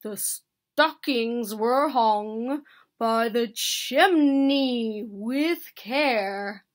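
A woman voicing a big pompous male bear in a storybook, declaiming in a slow, booming manner. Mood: reciting.

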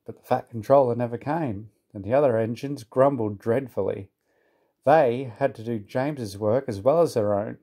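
Mellow man reading a storybook. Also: mid-range voice, normal speed. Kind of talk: reading a children's storybook aloud.

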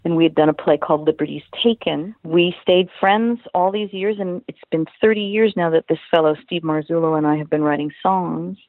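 An older woman, a singer and voice actress, telling stories as an interview guest over the phone in a chatty, lively way. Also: on the low side, a little fast, few pauses, no room sound. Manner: chatty, storytelling, animated quotes. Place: home in California. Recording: dry tinny phone line.

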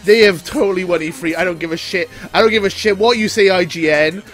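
A man watching a game showcase and reacting out loud, excited, swearing and talking to himself. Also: high-pitched, quick pace, soft background music. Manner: excitable, shouting and swearing in bursts. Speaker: reaction video maker. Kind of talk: live reaction commentary.

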